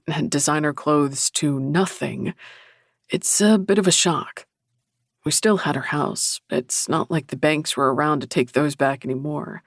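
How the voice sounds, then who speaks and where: A man narrating a paranormal romance audiobook in the first person, with a low, even, intimate delivery. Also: vocal fry, dry recording, studio quality.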